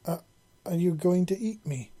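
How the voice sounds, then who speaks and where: A man's voice: on the high side, expressive, moderate pace, dark tone, slightly rough. A man voicing a young black-furred feline girl who sounds timid at first and then speaks bluntly. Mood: fearful.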